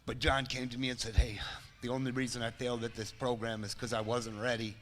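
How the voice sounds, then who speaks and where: A man giving his testimony of recovery during a church service, speaking haltingly and with emotion. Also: medium pitch, flat delivery, a bit bright. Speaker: guest sharing recovery testimony. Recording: reverberant church hall with faint noise.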